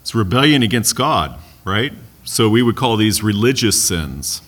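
A man's voice: lowish voice, big pitch swings, unhurried, fairly bright tone. An American man leading a Bible study class in a conversational way, asking the group questions and making light asides. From United States.

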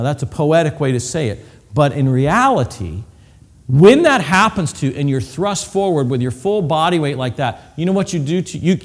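Male preacher, slightly high voice, vivid demonstrative delivery, long hall reverb. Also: gravelly, breathy edge. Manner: vivid, acts out cries and whispers, medical detail. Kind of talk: sermon with slides.

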